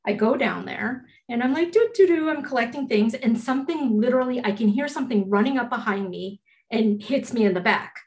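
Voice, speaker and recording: Animated swearing woman storyteller. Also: on the high side, a little fast, few pauses. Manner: animated storyteller, swears freely, acts out quotes. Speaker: podcast co-host. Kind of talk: casual chat.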